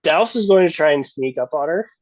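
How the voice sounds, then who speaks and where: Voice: mid-range voice, animated, fast, no room sound. Rambling tabletop player, dry sound. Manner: rambling, filler-heavy. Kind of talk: casual tabletop play. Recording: dull, muffled stream audio.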